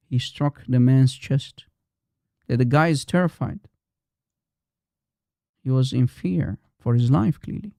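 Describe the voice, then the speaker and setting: A man's voice: medium pitch, normal speed, creaky, long pauses, dark tone, no echo. Combative man hosting a live stream. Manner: combative, repetitive, challenging. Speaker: livestream host. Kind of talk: heated live-stream polemic.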